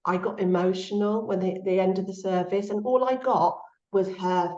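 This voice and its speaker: Speaking at a moderate pace with fairly even intonation and a medium-pitched voice, this middle-aged guest author chats casually and heartfelt in an interview, lifting her voice when quoting people. The audio is echoey and a bit dull.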